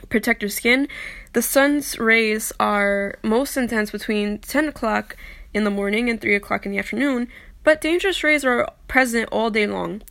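A woman's voice: a little high, a bit bright. A young woman in casual vlog talk, chatty and self-deprecating, often stumbling as she reads aloud. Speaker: vlogger. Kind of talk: casual chat, reading aloud.

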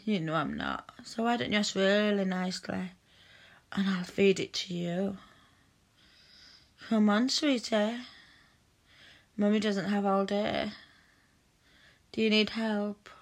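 Slow, gravelly-voiced woman coaxing softly. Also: mid-range voice. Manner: coaxing, teasing, doting. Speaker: audio role-play performer. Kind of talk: intimate audio role-play.

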